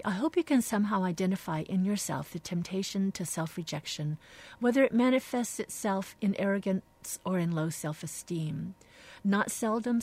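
A female radio host with a lowish voice reads aloud from a devotional book, slow, reflective and soft-spoken, occasionally slipping into hushed phrases.

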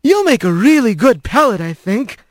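A man's voice: very high-pitched, big pitch swings, normal speed, no room sound, pitched above the performer's own voice. Otho, a man voicing a shrieking hawk. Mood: soft menace. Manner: soft menace turning to shrieking panic. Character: treacherous male hawk, soft then frantic.

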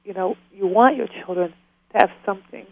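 Heard over a tinny phone connection, an author and interview guest speaks with heartfelt earnestness, slipping easily into tears or laughter. Her mid-range voice is creaky and fairly quick. The conversation is emotional throughout.

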